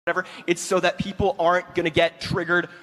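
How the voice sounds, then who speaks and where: A man at a meeting firmly and quickly explaining a rule of conduct. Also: sits high, level tone, a bit bright. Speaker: convention speaker. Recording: reverberant hall.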